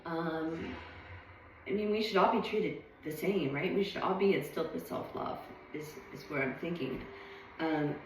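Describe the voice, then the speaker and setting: A woman's voice: sits low, normal speed, recorded from a distance, a little hiss or hum. A woman vlogging at home, rambling thoughtfully with lots of ums and hesitations. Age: adult. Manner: meandering, reflective, many ums. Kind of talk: casual rambling monologue. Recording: echoey room, voice off-mic, faint music.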